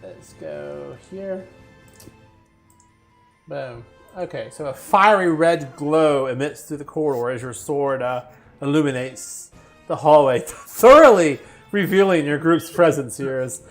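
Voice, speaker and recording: This is a game master narrating a tabletop fantasy session over a stream. The telling is lively and often breaks into laughter mid-description. Faint music plays in the background. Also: mid-range voice, measured pace. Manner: laughs through vivid descriptions. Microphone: headset or desk mic in an online stream.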